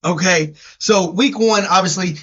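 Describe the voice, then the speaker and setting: A man with a deep Southern accent, co-hosting a podcast in a brash, teasing, casual way. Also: fairly bright tone. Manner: brash, teasing, drawn-out emphasis. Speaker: podcast co-host. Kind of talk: casual sports chat. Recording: dull lo-fi audio.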